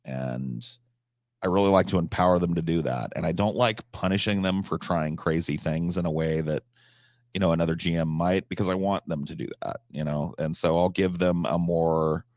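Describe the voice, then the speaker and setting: A man's voice: deep voice, moderate pace, darkish tone, no room sound, studio quality. A man chatting casually on a live stream, answering chat questions, swearing freely, with frequent restarts and fillers.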